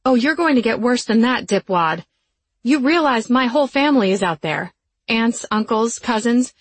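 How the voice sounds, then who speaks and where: A woman's voice: lively intonation, normal speed, slightly rough, no room sound. A woman playing a furious jilted bride. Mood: enraged. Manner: shrill and snarling. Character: furious jilted young bride shouting insults.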